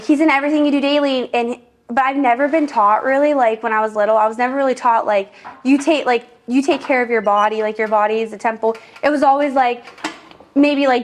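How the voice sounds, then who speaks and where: A young woman hosting a podcast, chatting casually while working out, out of breath and filling her talk with "like.". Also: fairly high pitch. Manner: chatty, lots of "like" fillers. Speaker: podcast host.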